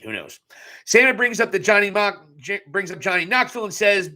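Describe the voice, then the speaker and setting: Brief: young man, bright cutting tone, fairly high voice, blunt and crude wrestling-recap host, live casual chat. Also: lively intonation, fairly quick. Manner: blunt, profane, joking asides. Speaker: wrestling show reviewer.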